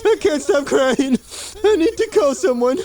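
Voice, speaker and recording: A man's voice: very high-pitched, lively intonation, a little slow, very noisy, pitched above the performer's own voice, exaggerated voice. A man voicing a weepy middle-aged male talk show host who sniffles and laughs through his sobs.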